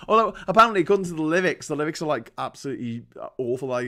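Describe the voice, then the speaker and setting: Man, live-stream host, sarcastic rant, heavy swearing, rambling, fairly high voice. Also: animated, racing, sharp tone. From North of England.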